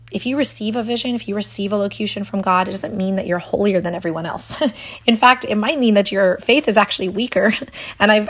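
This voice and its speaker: A woman hosting a faith talk, speaking earnestly and unhurriedly, with light laughs and long passages read aloud. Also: medium pitch. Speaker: Catholic faith teacher and host. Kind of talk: casual teaching talk with read quotes.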